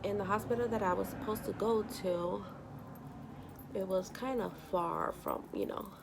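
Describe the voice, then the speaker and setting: A young woman vlogger does her makeup while telling a personal story, rambling casually with many "you know" fillers and sometimes becoming emotional and tearful. Her gravelly, medium-pitched voice moves at normal speed over background noise.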